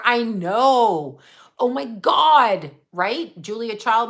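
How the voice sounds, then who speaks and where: A woman's voice: a little high, lively intonation, unhurried. A middle-aged woman, a psychic medium, venting bluntly on a live stream, rambling and cursing with laughing asides. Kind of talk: rambling unscripted live vent. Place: home in Los Angeles area.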